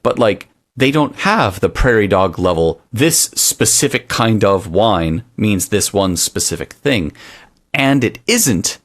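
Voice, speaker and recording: A man's voice: fairly low pitch, a little slow. A man co-hosting a podcast, talking casually and sarcastically, acting out little voices for what dogs might be thinking. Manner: animated, sarcastic, acts out dog thoughts in voices. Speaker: podcast co-host. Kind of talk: casual chat.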